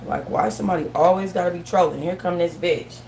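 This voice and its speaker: A woman's voice: on the low side, fast, gravelly, a little mellow, a little hiss or hum. Heated, profane young woman ranting. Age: young adult. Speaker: host. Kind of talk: casual gossip commentary.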